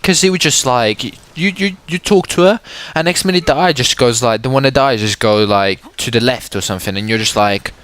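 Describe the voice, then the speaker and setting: A man's voice: mid-range voice, expressive, moderate pace, fairly bright tone, clear, resonant tone. Stammering young man rambling. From England. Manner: rambling, stammers and repeats words. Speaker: gaming commentator. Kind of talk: casual gameplay commentary.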